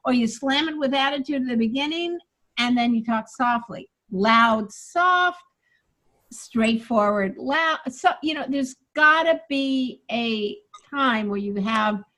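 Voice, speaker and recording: A woman coaching comedy writing, energetic and emphatic, now and then bursting into loud acted-out joke lines. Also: sits high, normal speed. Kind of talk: coaching session with feedback on jokes.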